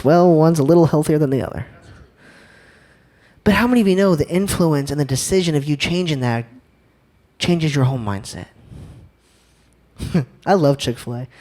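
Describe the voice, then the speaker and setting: A young man gives an energetic church talk, throwing questions and jokes at the crowd. His voice sits a bit high for a man, and he keeps it bouncy and informal. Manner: lively, joking, asks the crowd questions. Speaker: youth speaker.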